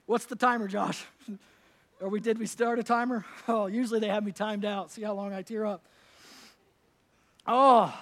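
High-voiced man preaching with emphatic swings. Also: moderate pace, pauses often. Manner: emphatic and conversational, swinging from loud to soft. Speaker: pastor. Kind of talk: sermon. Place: church service.

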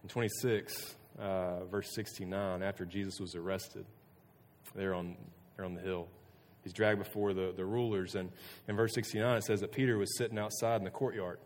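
A man preaching a sermon in a relaxed, chatty way, full of filler words and restarts. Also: low voice, normal speed, a little hiss or hum. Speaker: pastor. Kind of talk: casual conversational sermon. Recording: long hall reverb.

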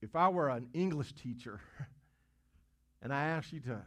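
A man's voice: medium pitch, lively intonation, unhurried, fairly bright tone. A man preaching a sermon. He asks the congregation questions, repeats words as he goes, and swells to emphatic peaks. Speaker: pastor.

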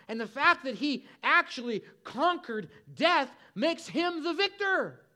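A man preaching a sermon, telling Bible stories with big swells and hushed drops. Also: a little high.

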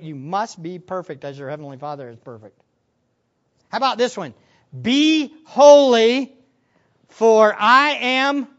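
A male pastor preaching with a lively, swooping pitch, his voice jumping up loud when he acts out other people. The sound is dull and lo-fi. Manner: animated, acts out voices of disciples with sudden loud bursts. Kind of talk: sermon.

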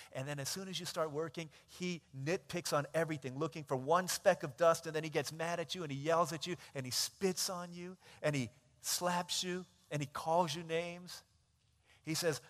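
A man preaching a sermon, telling an animated story and acting out the voices of the people in it. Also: on the high side, fairly quick, big-room sound.

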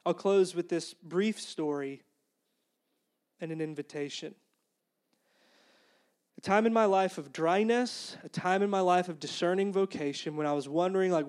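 A man preaching a sermon in a fairly high voice. He keeps it conversational and earnest, and slips into the inner voices he once heard. He sounds like a young pastor. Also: moderate pace, darkish tone. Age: young adult.

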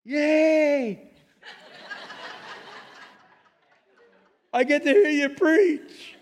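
Man doing a gleeful squeaky voice of God. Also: takes it slowly. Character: God's excited male whispering voice.

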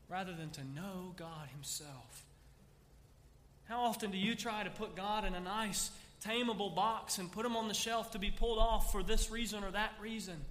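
A man's voice: high voice, a bit bright, long reverb tail, a little hiss or hum. A man preaching a sermon, emphatic and full of rhetorical questions. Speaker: pastor.

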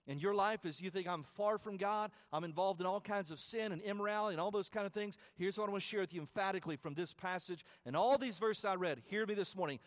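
A man preaching a sermon as pastor, emphatic and repetitive at the peaks, chatty with stumbles in the asides. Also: high-pitched. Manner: emphatic preaching with repeated phrases and rising calls; conversational asides with stumbles and restarts.

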